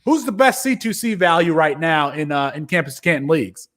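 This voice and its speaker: A man's voice: on the high side, big pitch swings, brisk, a bit bright. A man hosting a casual podcast chat with loose, joking banter. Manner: mock-formal courtroom argument, then loose banter. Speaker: podcast host.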